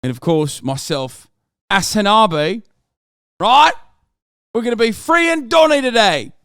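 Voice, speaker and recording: A man voicing a loud, boastful male mobster planning a prison break, in a brash, sing-song swagger. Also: high-pitched, expressive, takes it slowly, smooth, no echo, clean studio sound, heavily acted. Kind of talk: streamer doing a comic voice.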